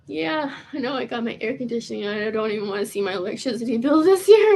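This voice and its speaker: A woman's voice: fairly high pitch, animated, fast talker, gravelly, darkish tone. A woman in her sixties rambling casually at home in a goofy, self-mocking way, swearing freely and drifting now and then into whispers. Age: 60s. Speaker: vlogger. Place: home room.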